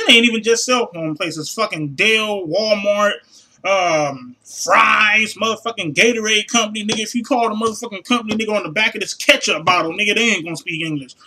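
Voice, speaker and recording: A man delivers an exasperated vlog rant full of swearing. His voice sits very high and sounds bright and forceful. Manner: loud, exasperated, heavy swearing. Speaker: vlogger. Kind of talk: profane ranting vlog.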